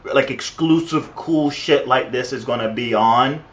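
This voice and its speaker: A man's voice: medium pitch, unhurried. A man co-hosting a podcast in laid-back casual chat, often stammering and restarting. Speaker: podcast co-host. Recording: dull lo-fi podcast audio.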